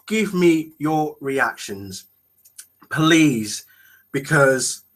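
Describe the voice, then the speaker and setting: A young man reacting to a trailer, gushing and close to tears, breaking off into exclamations and halting restarts. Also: fairly high pitch, expressive, fairly bright tone. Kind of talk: emotional reaction video.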